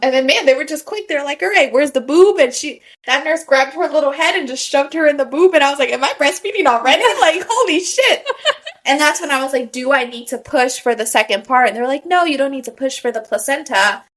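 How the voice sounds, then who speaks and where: A woman's voice: high voice, a little fast, fairly bright tone. A young woman with an American accent, co-hosting a podcast, chatting candidly and laughing often. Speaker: podcast co-host. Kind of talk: casual chat.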